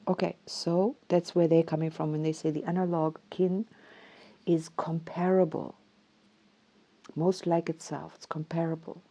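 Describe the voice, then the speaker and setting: A woman's voice: low voice, flat delivery, a little slow, warm tone. A woman hosting a solo show, talking casually and thinking aloud, laughing often and dropping into whispers. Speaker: podcast host.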